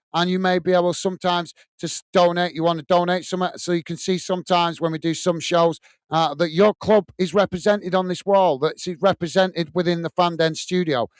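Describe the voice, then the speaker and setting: A man's voice: on the high side, clean tone, no room sound. A man hosting a football watch-along, casually reading out and thanking viewers' comments with lots of fillers. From United Kingdom. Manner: chatty, friendly, many fillers, thanks viewers by name. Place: home studio room.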